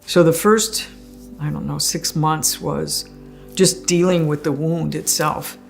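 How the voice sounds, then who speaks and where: Here a woman speaks slowly in a deep, creaky voice, her intonation fairly even, with soft music playing behind her. As a guest, she shares her personal near-death story in a chatty style, frequently breaking into laughter.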